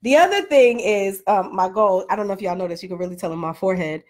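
A woman in a casual, comedic vlog rant, animated and self-deprecating, still winded and flushed from a workout. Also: mid-range voice, fast. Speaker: vlogger.

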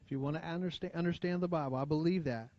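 An American man preaching a sermon, talking plainly to his congregation, asking for amens and dropping his voice low and quiet to stress key points. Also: quick pace, no echo. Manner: conversational preaching, frequent call-and-response asides. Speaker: pastor. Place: church sanctuary. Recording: dull lo-fi church recording.

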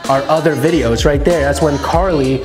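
A man talks casually to the camera, teasing and repeating himself. The room rings with heavy echo. Music plays clearly behind him. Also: fairly high pitch, normal speed. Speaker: prank vlogger. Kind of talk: casual vlog chat.

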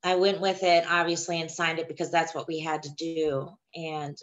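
A young woman gives a personal testimony about giving birth, in a halting, hesitant way. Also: deep voice, flat delivery, highs cut off. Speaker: woman sharing her childbirth story.

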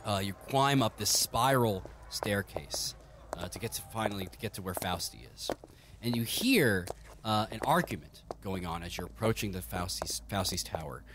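A man's voice: fairly low pitch, animated, normal speed, noisy background. A man acting as game master, narrating a comedic tabletop game in a loose, profane, stumbling way.

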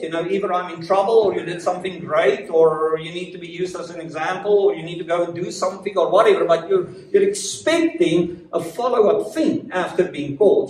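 A man from Africa with an African accent, teaching a church Bible study in a lively, joking way full of rhetorical questions. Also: high-pitched. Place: church meeting room. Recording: echoey room, voice from far off.

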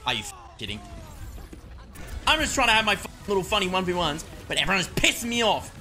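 Excitable young man streaming a game. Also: high-pitched, fast, over music. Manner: excitable, swings between frustrated mutters and loud yelps. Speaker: gaming streamer. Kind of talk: live gameplay commentary.

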